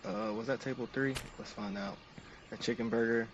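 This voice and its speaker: A man's voice: medium pitch, fairly even intonation, normal speed, far from the mic, highs cut off, slight background noise. A man narrating each step of a game to his stream chat in an upbeat, casual way.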